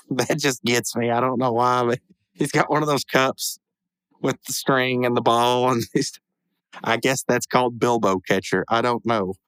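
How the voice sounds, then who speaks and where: A man's voice: medium pitch, unhurried, long pauses, smooth, no room sound. A man hosting a podcast, casually reviewing a cartoon episode, rambling with lots of restarts and self-corrections. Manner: enthusiastic, animated retelling.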